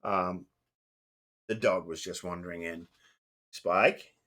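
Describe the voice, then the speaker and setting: A man's voice: fairly low pitch, moderate pace, a bit bright. A middle-aged man streaming live, chatting casually in a meandering, profane, self-deprecating way. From Wales.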